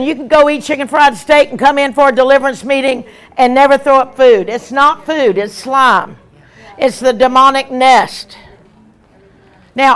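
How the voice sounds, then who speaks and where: A woman evangelist, preaching an emphatic, animated sermon with repeated lines. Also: sits high.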